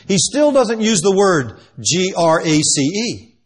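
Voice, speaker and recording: A man preaching a sermon, emphatic and dramatic, swinging between loud stresses and hushed asides. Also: sits high, big pitch swings, unhurried, husky.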